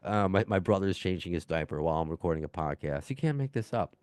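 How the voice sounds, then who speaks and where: A man's voice: deep voice, expressive, quick pace, darkish tone, clear, resonant tone, dry recording. A man with a New York accent hosting a podcast from home, reading listener emails in a casual, rambling, self-deprecating way with many fillers and restarts. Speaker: podcast host. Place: home, baby heard in background.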